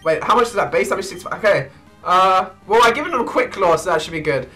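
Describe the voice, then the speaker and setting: A young man giving hyper, excitable gameplay commentary, often breaking into shrieks and laughter. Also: high-pitched, a little fast, faint music behind, rough recording. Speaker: let's play gamer.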